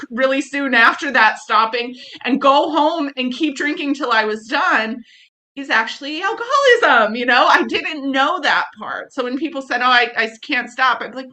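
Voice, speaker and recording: Woman, middle-aged, candid storytelling, profane, self-deprecating, bright voice. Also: sits high. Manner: blunt, profane, self-mocking, animated quoting. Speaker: speaker sharing recovery story. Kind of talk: candid personal story talk.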